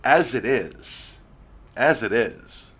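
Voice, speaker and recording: A man's voice: mid-range voice, sing-song, drawn-out words, a bit bright, slightly rough. A man hosting a podcast, leading the questions in casual chat.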